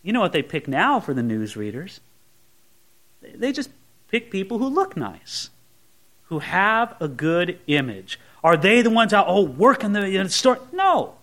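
A male pastor preaching a sermon in an animated way, acting out scenes with shifting voices. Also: high-pitched, a little slow.

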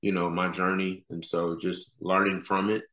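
Podcast guest, man in his thirties, laid-back slangy storyteller, low voice. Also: level tone, normal speed, bright, forceful tone. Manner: casual slangy talk, many "you know" fillers. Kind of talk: candid conversational storytelling. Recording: roomy echo.

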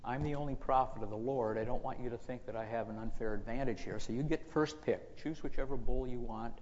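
A man's voice: medium pitch, a little fast, a little mellow, big-room sound, dull audio, close to an everyday voice. A man voicing a bold, confident male prophet who talks plainly and teases, in a sermon retelling. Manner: plain-spoken, teasing.

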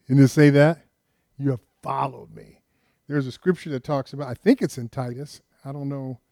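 A man's voice: medium pitch, brisk, dark tone, no echo, clean studio sound. An older man preaching a sermon with emphasis, often putting questions to his congregation. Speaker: pastor.

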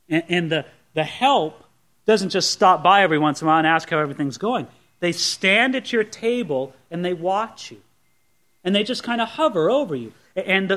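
Man, pastor, sermon, high voice, animated preaching, conversational asides.

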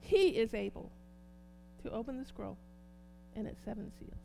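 A woman preaching a sermon and reading scripture aloud, moving from hushed tones to loud shouts. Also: on the high side, sing-song, moderate pace, vocal fry, a little hiss or hum, poor audio. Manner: passionate, swings from hushed to shouting.

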